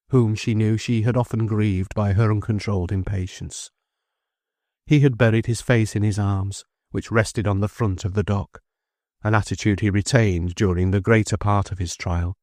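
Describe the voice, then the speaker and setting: Man narrating a classic novel: measured, expressive, fairly low voice, dry studio sound. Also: no room sound. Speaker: audiobook narrator. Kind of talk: scripted audiobook narration.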